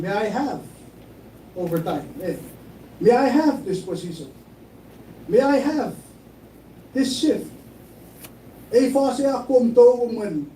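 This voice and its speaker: A man with a high, mellow voice preaches in a sermon, often repeating his phrases. He sounds a little distant from the mic, in an echoey room. A faint hiss sits under his voice. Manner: preaching, mixing English with Chuukese, repeating phrases. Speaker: pastor.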